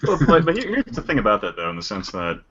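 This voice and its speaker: A man co-hosting a casual podcast chat, joking and animated. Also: fairly low pitch, fast talker, dull audio, noisy background. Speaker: podcast co-host.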